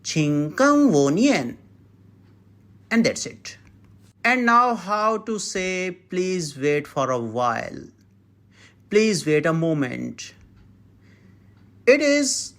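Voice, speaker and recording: A woman gives a beginner lesson at a very slow, deliberate pace, drilling each phrase again and again. Her voice sits fairly low but her pitch moves a lot, rising and falling across the syllables. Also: big pitch swings. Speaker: Mandarin teacher.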